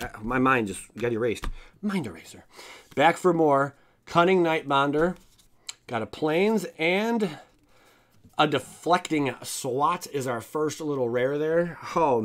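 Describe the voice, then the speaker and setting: A young man hosting his own channel, chatting excitedly as he opens trading cards and now and then bursting into shouts and laughter. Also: mid-range voice. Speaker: card-opening video host. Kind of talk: excited card-opening commentary.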